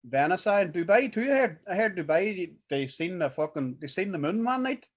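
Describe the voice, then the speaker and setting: A man's voice: high voice, animated, a little fast, crowd noise. A young man with a Northern Irish accent in a casual, sweary podcast chat, rambling and restarting his sentences. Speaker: podcast co-host.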